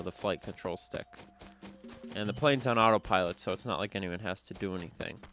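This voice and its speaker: Brief: low-voiced male host, offhand, rambling storyteller, game music underneath. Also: a bit bright. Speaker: gaming channel host. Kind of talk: rambling storytelling over gameplay. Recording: music playing behind.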